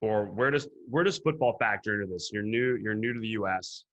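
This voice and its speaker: A male podcast host asks his guest curious, conversational questions. His voice is low-pitched with a bright, forceful edge. He keeps a friendly, talkative pace. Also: fairly quick, dull audio. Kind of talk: interview questions.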